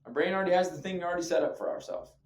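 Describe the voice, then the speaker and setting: A man's voice: high voice, steady tone, very fast, slight background noise. A man coaching on fitness habits in an emphatic, slangy, punchy motivational talk to camera. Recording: echoey room.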